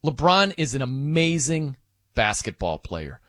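A man hosts sports radio in loose, joking banter, his pitch jumping all over as he rambles along with fillers. The sound is close and dry off a studio mic, with no room around it. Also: big pitch swings, unhurried, a bit bright, dry recording. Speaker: sports radio fill-in host.

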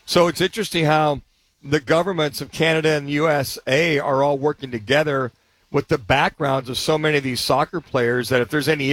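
A man with a mid-range, slightly bright voice co-hosts a sports radio show, recorded with no room sound. His casual sports talk rambles through anecdotes, with frequent restarts.

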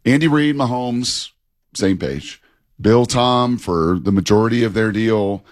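A man co-hosting sports talk radio, chatty and animated, laughing as he talks. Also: on the low side, a little slow, no room sound, clean studio sound.

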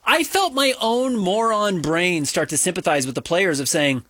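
Animated, opinionated sports talk man. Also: sits high, moderate pace, no echo, clean studio sound. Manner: animated, opinionated, rambling with fillers. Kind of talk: casual sports radio banter.

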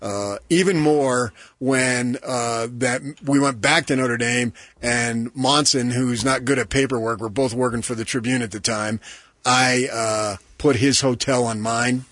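A man hosting a sports radio show, telling animated stories and doing loud, high impressions of his mother. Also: a little slow, no echo. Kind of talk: casual storytelling on radio show.

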